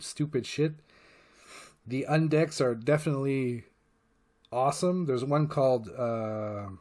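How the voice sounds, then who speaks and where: A man's voice: a little high, darkish tone. A man hosting his own channel, rambling casually and swearing freely, with frequent fillers and restarts. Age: adult parent. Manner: rambling and profane, heavy with fillers. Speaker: channel host. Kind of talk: casual rambling vlog monologue.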